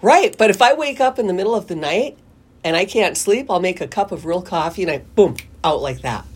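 Middle-aged female call-in host: husky, slightly low, casual and giggly. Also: animated, brisk, darkish tone. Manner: laughs often, chatty and rambling. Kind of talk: casual radio chat. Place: radio studio.

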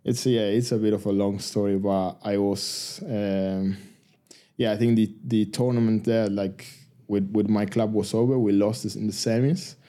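A man, a rugby player telling stories as a guest in a casual interview, halting and full of restarts. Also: lowish voice. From Argentina. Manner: halting, many restarts and fillers, relaxed.

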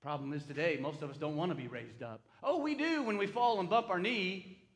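A man's voice: high-pitched, fairly quick. An older man, a grandfather, preaching a sermon and telling a story to his congregation, asking them for responses. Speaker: pastor.

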